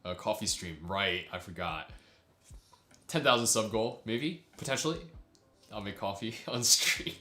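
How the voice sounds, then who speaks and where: A man's voice: fairly low pitch, lively intonation, measured pace, pushed and bright, reverberant. A young man chatting casually with his livestream viewers, rambling and laughing often. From United States. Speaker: streamer.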